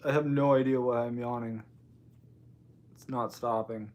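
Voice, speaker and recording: A man's voice: medium pitch, unhurried, dull audio. A man hosting a casual late-night livestream, loosely answering viewers' comments. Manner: relaxed, answering chat comments, yawning. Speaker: livestream host.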